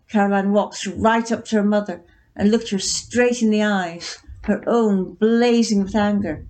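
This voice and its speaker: A woman narrating a short story in a measured, even reading voice. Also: medium pitch. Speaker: reader.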